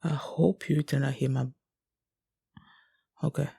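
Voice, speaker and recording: A woman's voice: low-pitched, steady tone, takes it slowly, gravelly, dark tone, breathy edge, dry recording. A woman reading a manga aloud and reacting as she goes, bursting into squeals and giggles.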